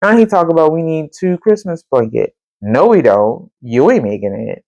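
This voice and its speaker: A woman, hosting a podcast and telling a story in casual chat, animated and chatty, often jumping into a high voice to quote people. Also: normal speed, dry recording, lo-fi sound. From Central Texas. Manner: colloquial and chatty, addresses listeners as y'all. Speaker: podcast host.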